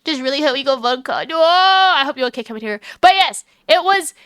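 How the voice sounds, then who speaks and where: An Australian woman livestreaming and chatting casually with her viewers, rambling and giggly, talking fast with lots of fillers. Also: high-pitched, expressive, fairly bright tone, no room sound. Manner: chatty and giggly, talks to chat and calls herself by name.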